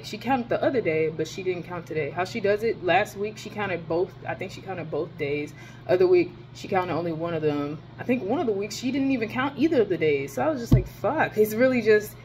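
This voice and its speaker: A young woman, a college student, telling a story in a casual ranting vlog, animated and swearing freely. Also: medium pitch, brisk, slight background noise. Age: young adult. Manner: animated, profane, emphatic storytelling.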